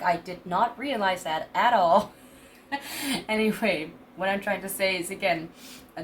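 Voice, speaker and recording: Gravelly young woman rambling through a tarot reading. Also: fairly low pitch, slight background noise. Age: 20s. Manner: rambling, hesitant, many fillers and restarts; laughs often between thoughts. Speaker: tarot reader.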